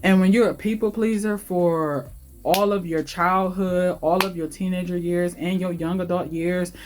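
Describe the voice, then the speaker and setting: Earnest woman vlogger, lowish voice. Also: fairly even intonation, normal speed. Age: late 20s. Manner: earnest, emotional, heartfelt; casual, repetitive, confiding. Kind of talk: personal life-update vlog.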